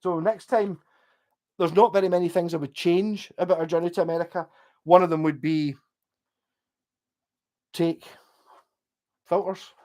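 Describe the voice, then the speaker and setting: A Scottish man talks to his livestream audience in a relaxed, wandering way. He drifts from one thought to the next and drops swear words freely, sounding easygoing and unpolished. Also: sits high, normal speed, pauses often. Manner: swears often, loose and digressive. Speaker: livestreamer chatting with viewers. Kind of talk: casual rambling chat.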